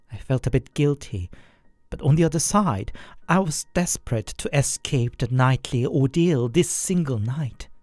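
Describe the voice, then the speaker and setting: A narrator telling a first-person horror story in a scripted, expressive way. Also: mid-range voice, dry recording.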